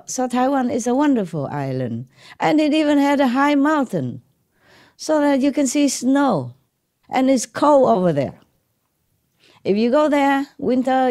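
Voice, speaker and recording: A woman spiritual teacher talks informally to her disciples in a low, warm, mellow voice. She rambles, laughs often and keeps checking in with her listeners. Her English is slightly non-native, and she switches easily into Chinese. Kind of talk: informal talk to a gathered audience.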